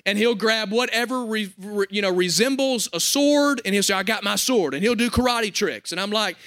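A man's voice: high voice, moderate pace, a bit bright. A young adult man pastor preaching a sermon to his congregation, conversational and joking.

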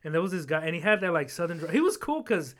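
A man's voice: a little high, sing-song, fast, a bit bright. Rambling man telling a story. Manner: rambling, full of fillers and restarts. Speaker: podcast host. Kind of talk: casual storytelling.

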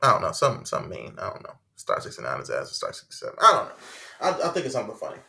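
Give me a crude, joking man hosting a casual podcast, fairly low. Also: wildly swooping pitch, rapid-fire, gravelly, pushed and bright. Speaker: podcast host. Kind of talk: casual chat.

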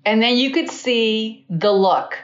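A woman on a discussion panel telling a personal story in a deliberate, pointed way. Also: on the high side. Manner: deliberate and pointed, spells things out slowly. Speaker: panel guest. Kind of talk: conversational storytelling. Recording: dull echoey room sound.

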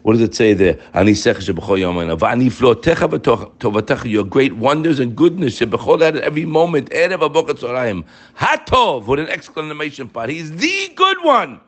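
Speaking quickly with few pauses, a religious teacher gives a spiritual lesson in a lively voice full of pitch swings. He reads Hebrew text and translates it with animation, challenging his audience through rhetorical questions.

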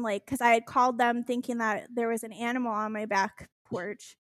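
A young woman telling a personal story in casual chat, animated and laughing, swearing as she goes. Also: fairly high pitch, brisk, few pauses, dry recording, studio quality.

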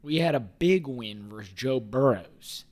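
A man's voice: mid-range voice, lively intonation, unhurried, darkish tone. A man in his thirties hosting a podcast, in rambling, profane, joking casual sports talk. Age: 30s. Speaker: podcast host.

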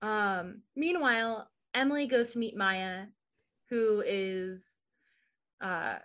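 Southern woman cohosting a podcast, mid pitch, chatty, laughs a lot, lots of "like"s. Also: takes it slowly, muffled recording. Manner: chatty and animated, laughs often, leans on "like" and "um". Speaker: podcast co-host. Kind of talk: casual chat, recapping a TV show.

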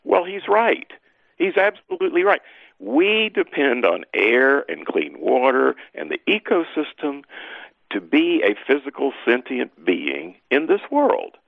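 A man with a low, gravelly voice, swinging widely in pitch as he teaches with emphatic energy. The sound is dry and narrow, like a phone or radio feed with no room around it. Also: huge pitch swings, unhurried, dry recording. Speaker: guest scholar. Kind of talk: lively teaching talk.

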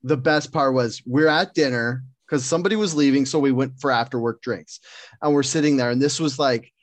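A man co-hosting a podcast, telling work stories in a casual, animated way, laughing and swearing often. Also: medium pitch, fairly quick, no room sound. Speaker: podcast co-host.

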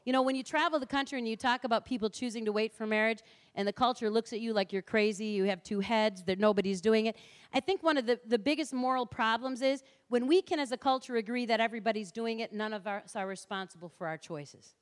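This middle-aged woman talks fast in a voice on the high side. As a public speaker in a lecture hall, she's direct and punchy, bringing passion to her lecture and dramatizing the people she quotes.

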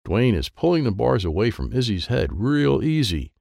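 A man reading a children's book aloud, lively and playful, with sound effects and character voices. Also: medium pitch, normal speed, gravelly, no room sound, studio quality. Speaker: audiobook reader.

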